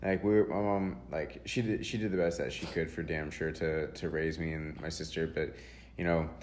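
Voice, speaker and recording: A young man from Texas hosting a podcast, telling stories about his childhood in a casual, animated and profane way. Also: extremely low pitch, moderate pace, slight background noise. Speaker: podcast host.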